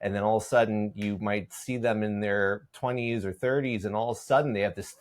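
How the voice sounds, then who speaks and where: A man's voice: lowish voice, steady tone, fairly quick. Man from Long Island, podcast guest, thoughtful, hesitant, casual. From Long Island, New York. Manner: hesitant, thoughtful, restarts often. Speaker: guest musician. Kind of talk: casual interview chat.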